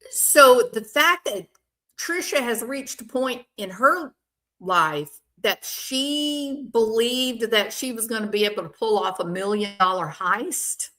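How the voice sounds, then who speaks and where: A woman's voice: mid-range voice, pushed and bright. An older woman hosting a casual commentary, giving her opinion in a plain-spoken, emphatic way. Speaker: commentary channel host.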